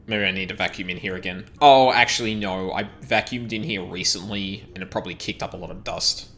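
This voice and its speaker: A man's voice: low voice, fairly quick, fairly bright tone. A man streaming a game, chatting casually, swearing now and then, and reading quest text aloud. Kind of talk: casual chat while playing a game.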